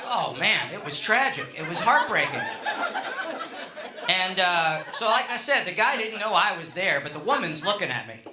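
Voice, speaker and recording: A man's voice: high voice, very animated, normal speed, echoey room, background noise. A middle-aged man doing stand-up, telling a rambling story with chuckles and many fillers. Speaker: stand-up comedian.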